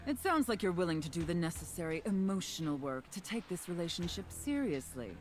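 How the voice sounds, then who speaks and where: A woman voicing a haughty, domineering female safe who talks down with slow contempt in a video game. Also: fairly low pitch, sing-song, over music. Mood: commanding. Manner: imperious, contemptuous, slow deliberate.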